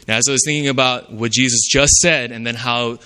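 A man's voice: mid-range voice, steady tone, fairly quick, pushed and bright, clean tone. A man preaching a sermon in a conversational way, often checking in with "right?".

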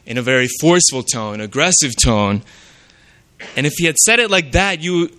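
Guy giving a sermon, bright voice, chatty, keeps saying "right?". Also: on the high side, big pitch swings, normal speed. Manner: conversational, often adds "right?". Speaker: preacher.

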